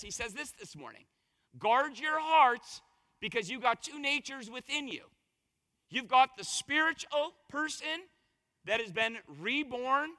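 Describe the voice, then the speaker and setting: A man preaching a conversational sermon as pastor, his voice a little hoarse, telling stories and asking the congregation questions. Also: very high-pitched, bright, forceful tone, big-room sound. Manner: conversational, storytelling with rhetorical questions. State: slightly hoarse voice.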